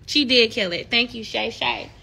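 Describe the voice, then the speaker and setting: A bright, high-voiced young woman chats casually on a live stream. She often slips into animated, encouraging preaching, with a forceful edge to her tone. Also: normal speed, gravelly, husky. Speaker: livestream host.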